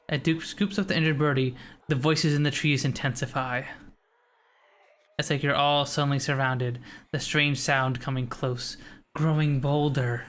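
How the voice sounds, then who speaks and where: A man's voice: medium pitch, fairly even intonation, normal speed, a bit bright, slight background noise. A man streaming himself reading a horror game aloud, casually reacting and joking, with game music behind him.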